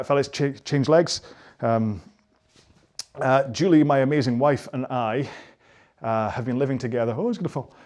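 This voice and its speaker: A man's voice: mid-range voice, a little mellow. Jokey Scottish man leading stretches. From Scotland. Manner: jokey, rambling, self-deprecating. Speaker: rowing fitness instructor. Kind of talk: follow-along stretching instruction.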